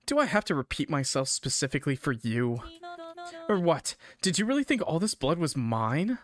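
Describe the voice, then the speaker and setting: A man's voice: on the high side, sing-song, normal speed, faint music behind. A man voicing a cold, scornful young woman cannibal killer, with a dry, dismissive, bored delivery.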